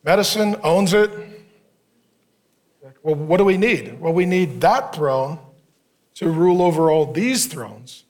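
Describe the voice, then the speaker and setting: High-voiced pastor preaching with sarcastic humor. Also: male voice. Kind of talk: sermon.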